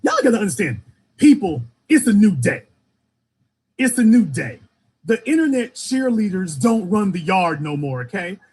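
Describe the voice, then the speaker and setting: Fiery husky-voiced male call-in host. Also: high-pitched, very animated, normal speed, a little mellow. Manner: fiery, emphatic, repetitive. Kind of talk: political call-in talk.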